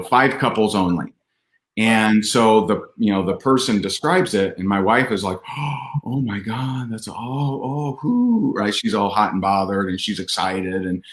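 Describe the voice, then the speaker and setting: Podcast guest, male, lowish voice, earnest and halting in an echoey room. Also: fairly bright tone. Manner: earnest, with many restarts and fillers. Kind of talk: candid personal storytelling.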